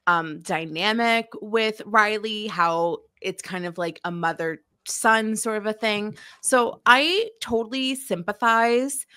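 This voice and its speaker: Bright-voiced woman chatting casually. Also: mid-range voice, slow pace, few pauses, clear, resonant tone, no echo, studio quality. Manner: rambling, with many fillers like "um" and "like". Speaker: podcast co-host. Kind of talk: casual chat recapping a TV episode.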